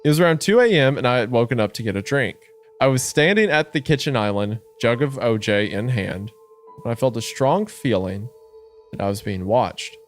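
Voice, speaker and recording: A man co-hosting a horror podcast, trading jokes with quick laughs and dropping into a hushed voice to read the story. His pitch sits in an ordinary middle range. Soft music plays faintly under him. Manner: animated, laughs often, reads narration in a lower hushed tone. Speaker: podcast co-host reading a story. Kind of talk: casual horror podcast chat with story reading.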